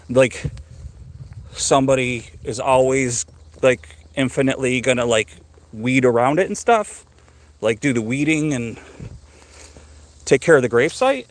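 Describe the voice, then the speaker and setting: A man's voice: medium pitch, expressive, a little slow, long pauses, no echo. A middle-aged man hosting a casual live stream while walking outdoors through a cemetery, slightly out of breath, rambling and curious as he chats with viewers.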